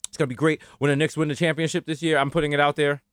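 A man from the United States chatting casually as a podcast co-host, telling animated stories and slipping into comic voice impressions. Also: on the high side, racing, smooth, no echo, studio quality. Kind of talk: casual chat.

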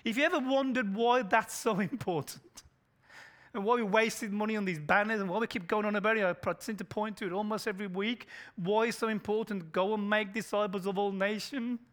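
A male pastor preaching an urgent sermon, swinging between loud emphasis and near whispers. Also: high voice, a little fast. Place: church in a shopping complex.

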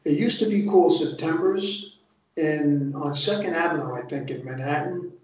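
A man's voice: a little high, normal speed, darkish tone. An older man with a New Jersey accent, a retired undercover agent telling stories bluntly and with plenty of profanity in a casual interview. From North Jersey. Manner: blunt, profane, streetwise storytelling. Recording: distant, echoey, muffled remote audio.

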